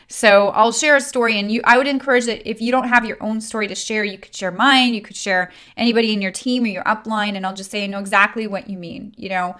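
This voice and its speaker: A woman's voice: mid-range voice, brisk, few pauses, a bit bright, clean tone. A woman giving a conversational coaching talk on handling sales objections, with frequent fillers and checks like "right?". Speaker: network marketing trainer.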